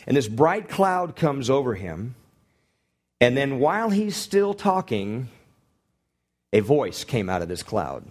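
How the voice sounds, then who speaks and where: A middle-aged man delivers a sermon in a lively, conversational way, with a voice that rises and falls across a wide range. He peppers his preaching with rhetorical questions and light humor. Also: mid-range voice, slow pace, pauses often. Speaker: guest preacher, missionary.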